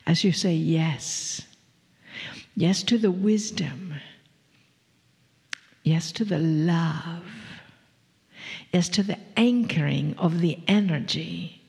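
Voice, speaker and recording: Woman channeling a bunch of spirit beings talking as "we", slow and half-whispery with a gravelly edge, big hall echo. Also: on the low side, darkish tone. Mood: serene. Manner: slow, drawn-out, half-whispered, playful chuckles. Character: collective spirit beings speaking as "we", gentle and teasing. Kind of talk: channeled spiritual talk to a live audience. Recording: long reverb of a large hall.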